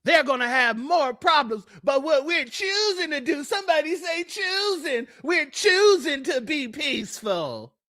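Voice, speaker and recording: Bright high-voiced man preaching commentary. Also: big pitch swings, unhurried, few pauses, no room sound, studio quality. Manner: preacherly, calls out to viewers as family, breaks into shouting. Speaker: commentary channel host. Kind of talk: reaction commentary on a protest clip.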